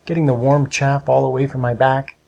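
A man's voice: medium pitch, little pitch movement, brisk, vocal fry, a little mellow, lo-fi sound. A man reading aloud, voicing a bossy, scheming farm boy with a commanding, urgent manner in a storybook.

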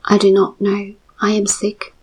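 A sullen young chief's son pleads in a quiet whine, as a woman whispers his lines. The voice is airy and breathy, kept to a hush throughout. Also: high voice, completely flat delivery, measured pace. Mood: pleading. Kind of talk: whispered reading.

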